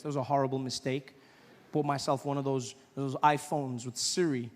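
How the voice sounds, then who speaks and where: A young man from South Africa with a South African accent, telling stories in a stand-up comedy set and bursting into loud acted shouts. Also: mid-range voice, level tone, brisk, long reverb tail. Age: 20s.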